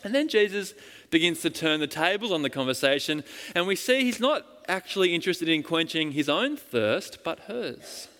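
Preacher in a big reverberant hall. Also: male voice, a little high, big pitch swings, moderate pace, fairly bright tone. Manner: storytelling, emphatic, with repeated starts. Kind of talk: sermon.

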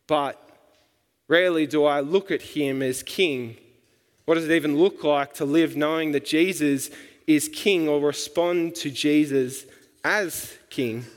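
A man preaching a sermon in a relaxed, colloquial way, with casual asides. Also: on the high side. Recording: long hall reverb.

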